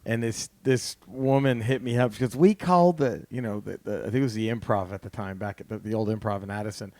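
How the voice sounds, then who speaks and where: A man from Texas, a comedian and podcast host, telling a story in casual chat, animated and swearing, laughing through it. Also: fairly low pitch, quick pace, no room sound.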